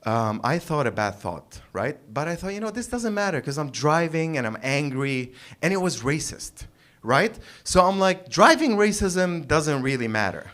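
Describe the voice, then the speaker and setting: A man doing a stand-up set on a comedy club stage, rambling and halting, restarting lines and chuckling at his own jokes. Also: fairly high pitch, sing-song, a bit bright. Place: comedy club stage before a live audience.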